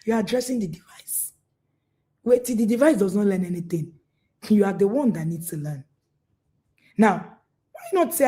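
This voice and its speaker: A woman's voice: medium pitch, expressive, normal speed, long pauses, warm tone. A woman, a parenting coach giving an emphatic live talk, often repeating herself. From Nigeria. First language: Igbo.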